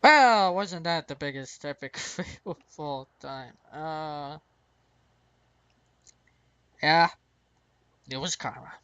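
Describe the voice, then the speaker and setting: A man's voice: on the high side, fairly even intonation, slow pace, long pauses, pushed and bright, clean tone, no echo, poor audio. An American man hosting his gaming channel, rambling through casual gameplay commentary and chuckling at his own mistakes. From United States.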